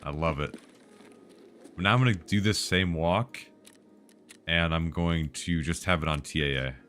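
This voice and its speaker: A man's voice: sits low, a little slow, fairly bright tone, slight background noise. A man streaming live, chatting casually about tech and answering viewers' questions in a rambling, joking way.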